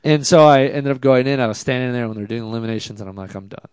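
A man, a drift driver, telling a casual story in an interview, animated and self-deprecating, with many fillers. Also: mid-range voice, racing, clean tone, no room sound.

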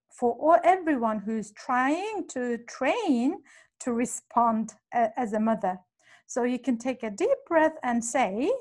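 A woman delivers a religious parenting talk at an unhurried, deliberate pace. Her voice sits fairly high, and she teaches earnestly, often turning to address her listeners directly. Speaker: podcast host and parenting speaker.

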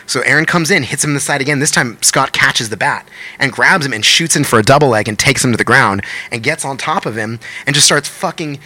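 A man tells a wild story in a quick, rushing patter with a very bright, forceful tone. His talk is animated and profane. He acts out other people's lines in loud, raised voices. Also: mid-range voice. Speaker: podcast guest telling stories. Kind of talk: casual storytelling chat.

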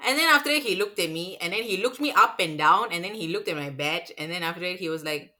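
A woman's voice: fairly low pitch, fast, slight background noise. A woman with a Singaporean English accent, a cinema manager, casually telling a story and acting out what customers said. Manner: animated, acts out customers' lines with swearing.

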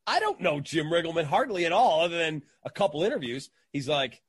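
A man with a slightly husky, fairly high voice tells a story in a casual interview. He acts out each quote with lively energy and keeps the tale rolling. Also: brisk, no echo. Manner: animated anecdote teller, acts out quotes. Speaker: guest, sports radio entertainer.

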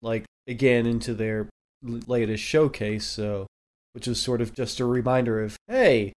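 A man in a casual podcast chat who pauses often and fills gaps with uh and you know. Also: medium pitch, level tone, a little mellow. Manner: hesitant, full of uh and you know.

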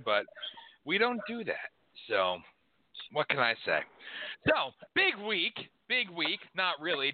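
A man hosting a call-in political radio show on a headset, ranting in a brash, profane, sarcastic way. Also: mid-range voice. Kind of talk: casual political radio chat. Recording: tinny phone-like audio.

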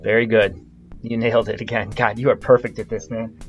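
A man's voice: fairly low pitch, flat delivery, fairly quick. A man hosts a casual podcast chat and quizzes his guest, talking loosely with many fillers and restarts. His voice comes through with a slightly dull, lo-fi sound. Faint music plays underneath. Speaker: podcast host.

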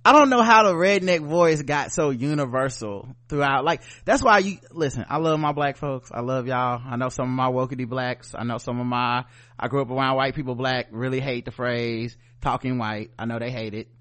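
A man with a Southern US accent, co-hosting a podcast in animated, joking casual chat. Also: medium pitch, moderate pace. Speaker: podcast co-host.

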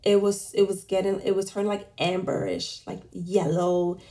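Gravelly, animated woman venting. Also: medium pitch, normal speed. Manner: animated, venting, quotes people in a raised voice. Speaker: podcast host and business owner. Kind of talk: casual storytelling.

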